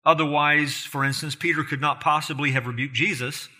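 A man's voice: a little high, fairly even intonation, a little fast, pushed and bright. A man preaching an expository sermon, earnest and emphatic, often putting rhetorical questions to his listeners. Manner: emphatic, rising in force on key points.

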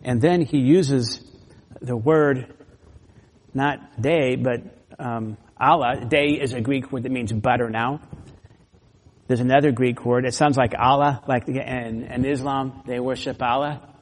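A man's voice: medium pitch, steady tone, a little slow. A man preaching an expository sermon, explaining scripture verse by verse and pressing hard on key points. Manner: emphatic, rising loud on key points, repeats words. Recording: long hall reverb.

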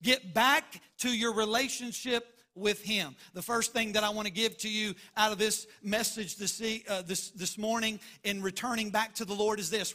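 A man's voice: sits high, sharp tone. A man preaching a sermon as pastor, emphatic and driving points home by repeating phrases.

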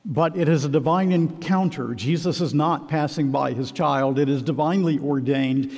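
Slow, emphatic man preaching. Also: on the high side, a little mellow, big-room sound. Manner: emphatic, repeats key phrases. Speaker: pastor. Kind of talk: sermon.

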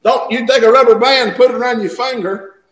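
A male preacher, delivering an impassioned sermon that swells into shouts, recorded in a church. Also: very high-pitched, steady tone, a little fast. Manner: impassioned, rising to shouts, dialect grammar. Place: church sanctuary. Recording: echoey long-reverb church hall.

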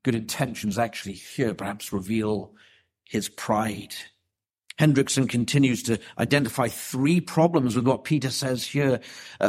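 A man preaching an expository sermon, emphatic and deliberate, with rhetorical questions. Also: mid-range voice, breathy edge.

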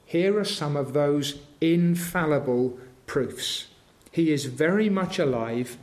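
A man delivers a sermon in a voice pitched notably high for a man. He speaks slowly and deliberately, in an earnest tone that swells into emphatic intensity as he presses his point. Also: a little mellow. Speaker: preacher.

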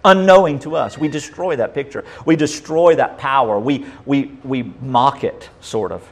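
A male pastor, preaching a sermon and swinging between loud and soft. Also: mid-range voice, moderate pace.

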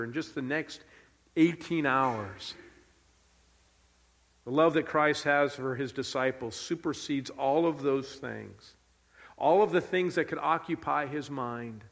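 A man's voice: a little high, big-room sound. A man preaching a sermon as pastor, earnest and emphatic, repeating key phrases.

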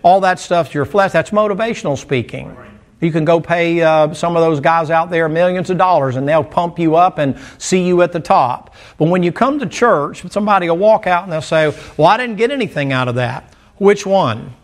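A man's voice: fairly high pitch, normal speed. Folksy mountain-raised preacher man. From American mountain region. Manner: folksy, storytelling, humorous asides. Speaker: pastor. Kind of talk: sermon.

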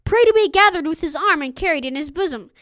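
A devout young nobleman on his deathbed, pleading earnestly and tenderly, as a woman reads his words aloud. The voice is high and very lively in pitch, and it is heard close and dry. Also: fast talker, no room sound, exaggerated voice.

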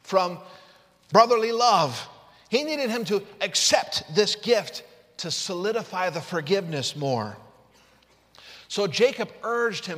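High-voiced preacher in a reverberant hall. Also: male voice, slow, pauses often. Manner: animated, acts out the characters. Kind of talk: sermon with scripture reading. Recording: long reverb in a large room.

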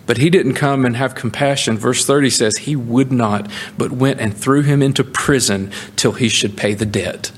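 A male pastor delivers a sermon in an ordinary, medium-pitched voice. He builds his points with emphatic rises, pushing his voice upward on the questions, then drops lower to read and explain the scripture. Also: normal speed, hardly any pauses, breathy edge. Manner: animated preaching with rising emphatic peaks.

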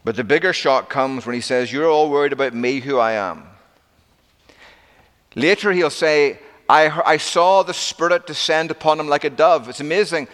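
A man's voice: a little high, normal speed. Preaching man in a reverberant hall. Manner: animated storytelling with acted-out quotes. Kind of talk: sermon.

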